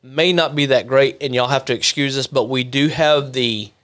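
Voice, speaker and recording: A man's voice: mid-range voice, fairly even intonation, normal speed, fairly bright tone. A man, co-hosting a podcast in casual, jokey chat and often steering the talk back on track. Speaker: podcast co-host.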